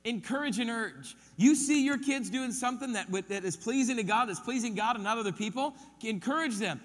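Brief: male pastor, high voice, emphatic sermon delivery, long hall reverb. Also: brisk, hardly any pauses. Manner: emphatic, repeats key points, counts them off.

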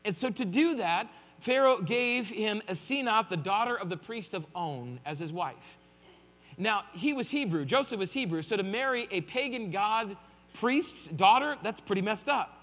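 A man's voice: high-pitched, lively intonation, normal speed, a bit bright, long reverb tail. A man preaching a sermon in a conversational way, with joking asides. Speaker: pastor.

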